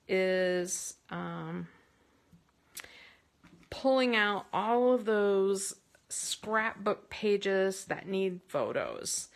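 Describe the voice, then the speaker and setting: A woman hosting a casual card-making tutorial from her craft space, chatty and rambling, with bursts of excitement. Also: mid-range voice.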